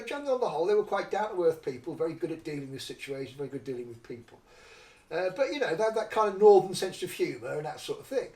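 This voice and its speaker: Animated fast-talking man, echoey room. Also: high voice, distant mic. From North East England. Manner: animated, acts out quoted voices. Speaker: guest. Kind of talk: conversational storytelling. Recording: roomy echo, somewhat off-mic.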